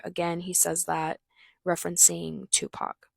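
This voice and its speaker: A woman's voice: lowish voice, completely flat delivery, moderate pace, vocal fry, slightly rough, dry recording. A woman hosting a casual video, explaining song lyrics in a loose, chatty way full of "like" and "um". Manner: reads out quoted lines between her own explanations. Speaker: host breaking down rap lyrics. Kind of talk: casual commentary.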